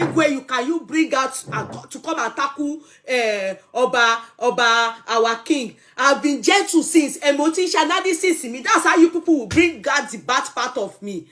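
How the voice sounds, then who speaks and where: A woman with a Nigerian accent hosting a gossip stream, dramatic and animated, arguing back at viewers' comments. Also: high voice, normal speed. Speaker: gossip channel host. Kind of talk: live chat commentary.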